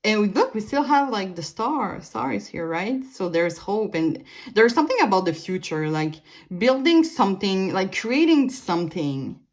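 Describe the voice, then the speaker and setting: Woman, young adult, tarot reader, rambling delivery, fillers and restarts, mid-pitched voice. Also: big pitch swings, normal speed. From Canada. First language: French. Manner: meandering, many fillers and restarts, light laughs. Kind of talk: casual pick-a-card tarot reading.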